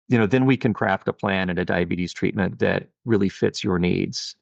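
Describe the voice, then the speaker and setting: A man's voice: low voice, gravelly, no echo, dull audio. A middle-aged man, a pediatric endocrinologist, talking earnestly and thoughtfully in a podcast interview, often saying "you know". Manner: earnest, reflective, with many "you know" fillers.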